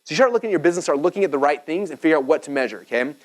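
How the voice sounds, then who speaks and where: A man in his thirties teaching a business seminar at a whiteboard, energetic and chatty, checking in with "okay?" and "right?". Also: a little high, racing, rough recording. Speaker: speaker teaching business marketing.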